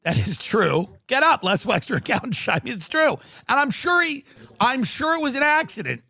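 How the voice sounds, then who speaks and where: A male livestream host riffs sarcastically through a comedy rant. His pitch swings widely. The sound is dry and close. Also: moderate pace, gravelly, no echo. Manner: animated, sarcastic, riffing.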